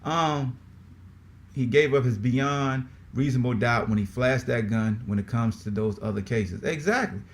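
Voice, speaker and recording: A man hosting a sports podcast in casual talk, exasperated and animated, firing off repeated rhetorical questions. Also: mid-range voice, a little slow. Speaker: podcast host.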